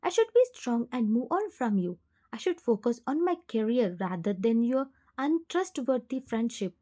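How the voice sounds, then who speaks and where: A woman's voice: on the high side, very animated, normal speed, dark tone. A woman voicing a heartbroken young woman who speaks in a tearful, accusing way. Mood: hurt, accusing.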